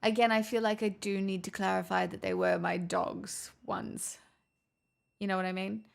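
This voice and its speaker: With a mid-range, creaky voice and fairly even intonation, this woman streamer talks casually to her viewers. She uses a put-on transatlantic accent, stretches out her words theatrically, and swears a lot.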